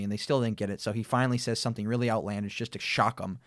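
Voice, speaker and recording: A man co-hosting a casual Bible discussion podcast, talking in an animated way with frequent laughs and restarts. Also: on the low side, quick pace, few pauses, no room sound, studio quality. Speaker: podcast co-host.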